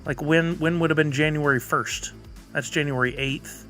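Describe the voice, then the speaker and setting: A man's voice: on the high side, fairly even intonation, moderate pace, a bit bright, soft background music. A man streaming live, chatting casually and answering viewers' comments. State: has the hiccups.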